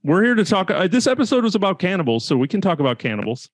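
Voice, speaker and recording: A man's voice: high-pitched, big pitch swings, rapid-fire, no echo. A man co-hosting a casual podcast chat, talking in an enthusiastic, laid-back, joking way. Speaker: podcast co-host.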